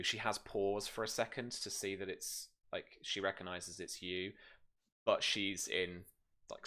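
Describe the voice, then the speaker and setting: A man's voice: deep voice, sharp tone. A man narrating as game master, describing scenes in loose speech with many fillers and restarts.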